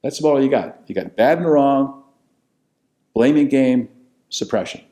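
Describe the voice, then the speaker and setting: An older American man telling stories from his own life, blunt and profane, swinging between loud bursts and low asides. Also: animated, moderate pace. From United States. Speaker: podcast host telling his life story. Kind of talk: casual storytelling monologue.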